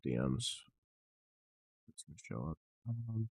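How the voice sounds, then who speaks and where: A man's voice: rumbling low, big pitch swings, takes it slowly, vocal fry, slightly rough. A man live streaming, frustrated as he fixes his setup, swearing and muttering to himself.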